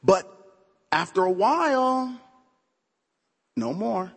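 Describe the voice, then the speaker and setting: A man's voice: sits high, animated, slow pace, creaky, fairly bright tone, breathy edge, big-room sound. A man, a pastor, telling his own testimony during a sermon in a conversational, storytelling way, full of "you know" asides. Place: church sanctuary.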